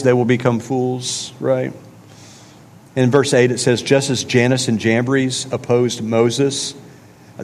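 A man preaching a conversational sermon with emphatic repetition. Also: mid-range voice. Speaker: pastor. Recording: long reverb of a large hall.

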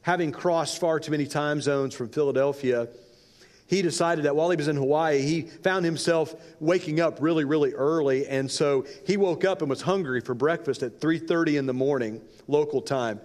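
A man's voice: on the high side, normal speed, darkish tone. A male pastor telling a story during a sermon, dramatic and varying his pace for effect. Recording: long reverb in a large hall.

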